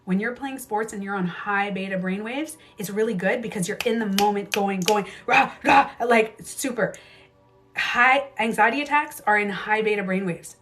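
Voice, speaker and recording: On a livestream camera mic, a woman with a medium-pitched, fairly bright voice hosts a casual stream as a beauty coach. She speaks emphatically, says things more than once, and swears without restraint.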